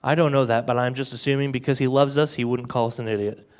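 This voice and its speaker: A man in his twenties preaching an energetic youth sermon. He talks in an animated, joking way and acts out the thoughts he quotes. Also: mid-range voice, fast talker. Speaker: youth pastor.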